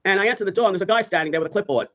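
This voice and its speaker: A man's voice: sits high, very fast, fairly bright tone. A man telling a story on a livestream, rambling and profane, repeating his phrases over and over. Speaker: live streamer.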